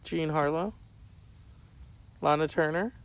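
Gravelly, profane middle-aged podcast host. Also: male voice, a little high, slow pace. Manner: profane, joking, chatting to his cat. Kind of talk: casual rambling monologue.

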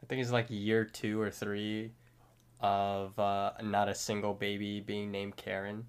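A man's voice: lowish voice, monotone, a little slow, clean tone. A man co-hosting a podcast, chatting casually and agreeably. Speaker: podcast co-host. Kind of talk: casual chat.

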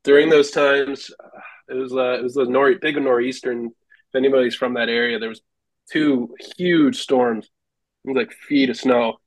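A man's voice: mid-range voice, steady tone, normal speed, no echo, rough recording. A man, a former hockey goalie, telling rambling stories as a podcast guest and laughing often. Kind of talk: casual storytelling.

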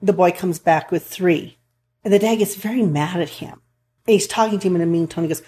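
A woman's voice: fairly low pitch, fairly quick, warm tone. A woman counselor talking earnestly in a casual chat, rambling a bit with restarts as she tells stories. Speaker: counselor for couples and families.

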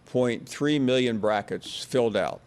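A man hosts a sports call-in radio show in an easygoing way. His voice sits in a middle pitch, and he drops dry wisecracks between calls. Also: animated, a little slow, darkish tone. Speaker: radio talk show host.

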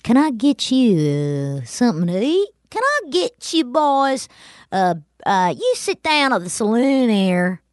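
A woman's voice: fairly high pitch, very animated, measured pace, darkish tone, dry recording, clean studio sound. A woman playing a friendly Old West saloon host with a twang. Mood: welcoming.

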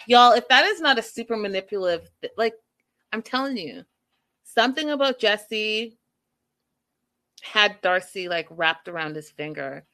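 A woman's voice: mid-range voice, unhurried. A woman giving a casual, gossipy recap of a reality show, acting out what the cast said and reacting with exasperation. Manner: gossipy, animated, acts out quotes.

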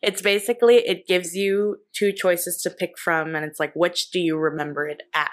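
A woman's voice: on the low side, fairly even intonation, normal speed. A woman co-hosting a podcast, chatting casually and teasing her guests. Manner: playful, teasing. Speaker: podcast co-host.

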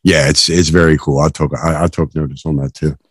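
A man co-hosting a podcast in casual film discussion, talking haltingly with many restarts. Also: extremely low pitch, little pitch movement, husky, no echo. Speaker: podcast co-host.

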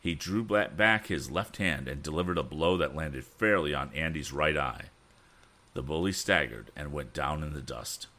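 Deep-voiced man reading a storybook. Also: moderate pace. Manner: expressive, corrects his own misreadings. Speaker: audiobook reader. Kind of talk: reading a boys' adventure novel aloud.

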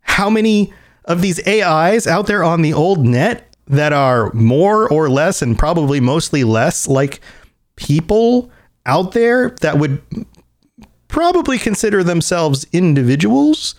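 A man's voice: fairly high pitch, big pitch swings, unhurried. A man hosting a podcast, talking casually and thinking aloud with frequent restarts. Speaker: podcast host.

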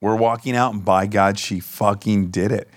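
A male podcast host in casual chat, telling lively stories and swearing freely. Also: fairly low pitch, moderate pace, no room sound, clean studio sound. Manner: animated storyteller, swears freely.

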